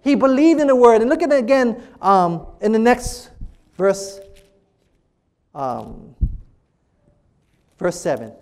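A preacher delivering a church sermon, reading scripture slowly and pressing the congregation with repeated questions, calling them beloved. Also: medium pitch, expressive, darkish tone. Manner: reads scripture quotes aloud slowly between comments; calls listeners "beloved" and asks for amens. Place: church service.

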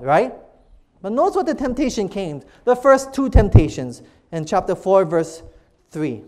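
A preacher delivering a church sermon, reading scripture slowly and pressing the congregation with repeated questions, calling them beloved. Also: medium pitch, animated. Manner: reads scripture quotes aloud slowly between comments; calls listeners "beloved" and asks for amens. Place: church service.

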